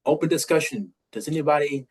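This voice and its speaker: A man's voice: fairly high pitch, quick pace, a crowd in the background. A man who stutters, moderating a webinar in a casual panel discussion over a video call, often saying "like" and "man". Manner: stutters, with repeated sounds, says "man" and "like" often.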